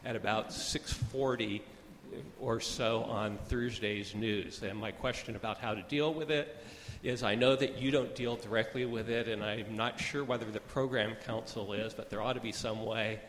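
A man making a measured complaint during public comment at a meeting, pausing often with fillers. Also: lowish voice, steady tone, a bit bright. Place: meeting hall. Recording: hall reverb with faint noise.

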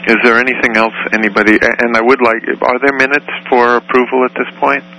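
A man chairing a committee meeting by phone, reading out the agenda in a measured, procedural way. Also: medium pitch, little pitch movement, pushed and bright, a little hiss or hum, rough recording. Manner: measured, procedural, reads out items.

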